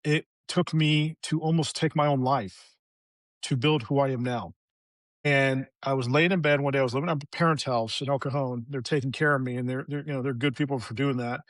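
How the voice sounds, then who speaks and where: A man's voice: mid-range voice, steady tone, brisk, no room sound. A middle-aged man, a veteran guest on a podcast, candidly recounting a hard personal story, raw and emotional, swearing freely.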